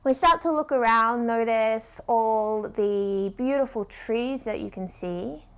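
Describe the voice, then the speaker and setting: A woman's voice: on the high side, smooth. A woman guiding children through a yoga story, playful and encouraging, asking them questions and drawing out her instructions. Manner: slow, drawn-out instructions. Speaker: kids yoga teacher.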